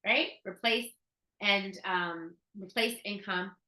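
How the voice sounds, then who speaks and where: A woman presents a business opportunity in a casual, emphatic way, piling up rhetorical questions and dropping in slang. Her voice is bright and forceful, and it rings in an echoey room. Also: mid-range voice, normal speed. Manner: casual, slangy, laughs often.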